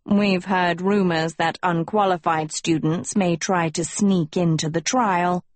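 A woman's voice: fairly low pitch, fairly even intonation, measured pace, no room sound, close to an everyday voice. A woman doing an officious schoolmaster. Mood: stern. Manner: formal, warning.

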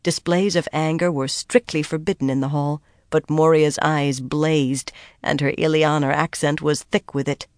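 Steady audiobook narrator, dry sound. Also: mid-range voice, no room sound. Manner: steady, measured reading. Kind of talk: scripted fantasy narration.

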